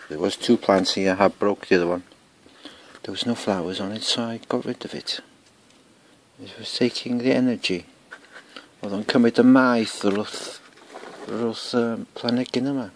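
A man with a Welsh accent, chatting slowly and rambling to himself as he walks through his garden, filming on a handheld camera, mixing English and Welsh. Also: lowish voice, steady tone, slight background noise. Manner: slow rambling chat, mutters to himself; switches between English and Welsh. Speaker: gardening vlogger. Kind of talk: casual garden walk-through. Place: outdoor garden. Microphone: handheld camera or phone.

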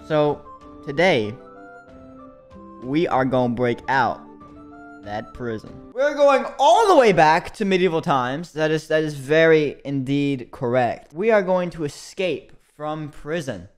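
Dude doing a southern drawl storyteller bit, rambly, fake fancy talk. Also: male voice, a little high, big pitch swings, measured pace, faint music behind. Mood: mock-grand. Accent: put-on Southern US. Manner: rambling, mock-grand. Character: boastful folksy Southern storyteller, young man.

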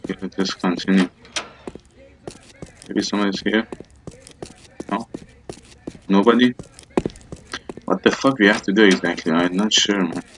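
A man's voice: sits low, fairly even intonation, unhurried, long pauses, noisy background. A man casually commenting on his gameplay, swearing a lot and exclaiming in loose, non-native English grammar. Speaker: gameplay walkthrough host.

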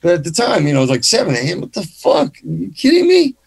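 A man telling a story as a guest musician in a casual chat, animated, swearing freely and restarting often. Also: high-pitched, fast, gravelly, husky.

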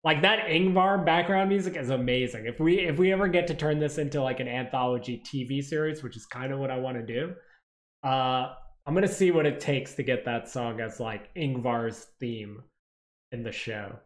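A man's voice: mid-range voice, normal speed, roomy sound. A man hosting a casual stream chat, thinking aloud with lots of fillers. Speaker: series creator and stream host.

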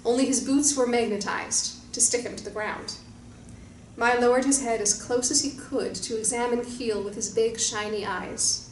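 A woman reading a short story aloud in a calm, measured storytelling manner. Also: on the high side. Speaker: narrator. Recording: roomy distant mic with faint hiss.

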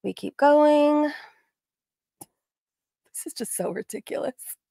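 A woman's voice: high voice, expressive, slow, gravelly, dark tone, no echo, studio quality. A woman hosting a casual reaction stream, reading messages aloud with sarcastic asides. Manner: sarcastic, reads chat messages aloud with frequent laughs.

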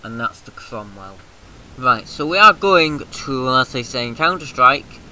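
Sharp-voiced British man, rowdy game commentary. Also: medium pitch, a little slow, poor audio. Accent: British English. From Britain. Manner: excitable, profane, shouts rallying cries. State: throat a bit mucousy. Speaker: gaming video host. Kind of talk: casual let's-play commentary.

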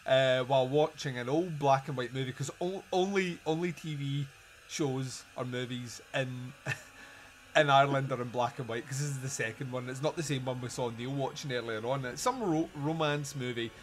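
A man's voice: mid-range voice, normal speed. A man hosting a podcast, recapping a movie scene in a rambling way and laughing often as he goes. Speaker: podcast host. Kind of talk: casual film review chat.

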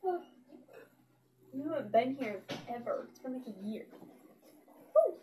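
A woman's voice: sits high, lively intonation, measured pace, warm tone, far from the mic, slight background noise. A young woman vlogging, cooing at her pet dogs in gushing baby talk with frequent laughs. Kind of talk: casual vlog, talking to pet dogs. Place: indoors in a house.

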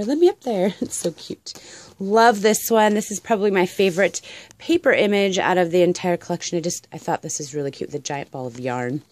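Woman host, low-pitched, gushing craft vlogger, dry close sound. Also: dry recording. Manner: gushing, chatty, reads card quotes aloud; warm affectionate cat owner. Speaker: paper craft channel host. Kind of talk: casual craft flip-through vlog.

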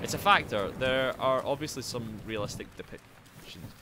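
A man's voice: medium pitch, moderate pace. A Glaswegian man in his thirties, chatting boisterously with viewers while gaming, swearing freely and riffing on silly bits. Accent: Glaswegian Scottish. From Scotland. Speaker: streamer.

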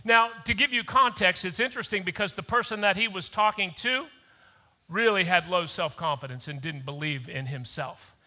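Male pastor, high sharp voice, urgent preaching, long reverb of a church hall. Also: moderate pace. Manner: urgent preacher, rising to shouts. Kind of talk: sermon. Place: church auditorium.

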